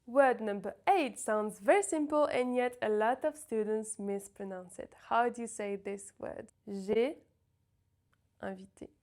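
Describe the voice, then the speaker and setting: A woman teaching pronunciation, sounding out words slowly and carefully to demonstrate each sound. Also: a little high, a little mellow. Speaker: French teacher. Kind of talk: pronunciation lesson.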